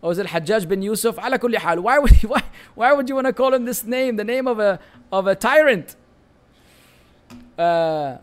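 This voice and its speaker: Speaking at normal speed in a very high-pitched voice, this Islamic teacher, a native Arabic speaker with a Lebanese Arabic accent, fields viewer questions on a live stream. The chat is animated and full of banter, with Arabic phrases sprinkled throughout.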